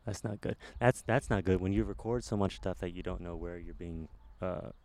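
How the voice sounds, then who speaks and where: Low-voiced dry man. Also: moderate pace, dark tone. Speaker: podcast host. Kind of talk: casual remote chat. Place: outdoors in a city park. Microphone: handheld microphone.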